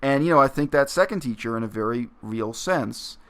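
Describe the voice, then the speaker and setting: A man with a gravelly, creaky voice, speaking at a middle pitch. He talks his way through the story in a reflective, explanatory vlog monologue, pausing often with fillers. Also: lively intonation, a bit bright. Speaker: vlogger. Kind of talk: casual spoken monologue.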